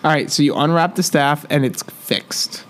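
A man running a tabletop game as game master, narrating events in a halting, restarting way. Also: fairly high pitch, a bit bright.

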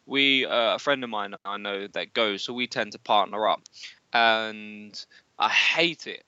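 A young man co-hosts a casual podcast chat, blunt and full of swearing. His voice is bright and forceful. The sound is dry and a little dull. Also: fairly low pitch, a little slow, clear, resonant tone, dry recording. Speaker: podcast co-host.

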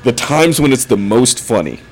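A man's voice: medium pitch, normal speed. A young adult man, a former gymnastics coach, telling stories in casual chat with frequent laughter. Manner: laughing, animated storyteller.

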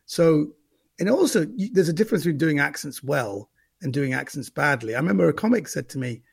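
A man, a stand-up comedian, talks casually in an interview. His voice is gravelly and husky. He thinks aloud and often repeats a word before going on. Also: on the high side, expressive, a little fast. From Central London. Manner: thoughtful, repeats words while gathering thoughts.

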